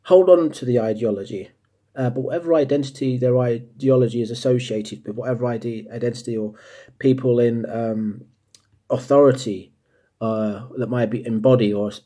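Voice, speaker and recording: A man from the United States speaks casually, stopping and restarting his sentences with frequent ums. His voice is dark and mellow with a husky edge, pitched in an ordinary middle range. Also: steady tone, a little fast. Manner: hesitant, many ums and restarts. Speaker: vlogger. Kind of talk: casual monologue to camera. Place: England.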